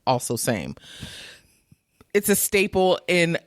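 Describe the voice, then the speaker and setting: Lively, giggly woman podcast co-host. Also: fairly low pitch, takes it slowly, no echo, studio quality. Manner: giggly, reads news aloud between laughs. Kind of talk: casual chat.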